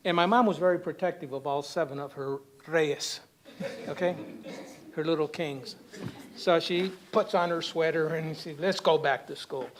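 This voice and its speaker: Brief: male panelist, slightly high voice, animated storyteller with humor. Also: normal speed. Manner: lively, humorous anecdote-telling with audience asides. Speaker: symposium panelist. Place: university symposium hall.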